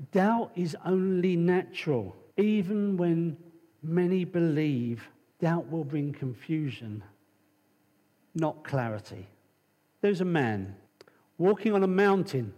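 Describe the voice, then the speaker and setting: A man preaches in a relaxed, conversational way, mixing stories with scripture readings. His voice is fairly high and slightly husky, and his slow delivery trails a long reverb through the hall. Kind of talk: sermon.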